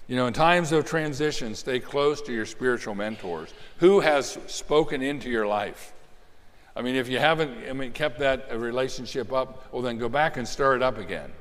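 A man delivers a sermon at a middle pitch, loose and conversational, often restarting his phrases. His voice carries a long reverb, as if heard in a large sanctuary. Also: normal speed. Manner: conversational preaching with frequent restarts and fillers. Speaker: pastor.

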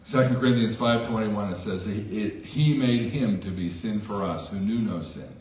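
A man's voice: fairly low pitch, moderate pace, darkish tone, far from the mic. A man preaching a sermon as pastor in a church, conversational with self-deprecating asides. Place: church sanctuary. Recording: echoey church hall from afar.

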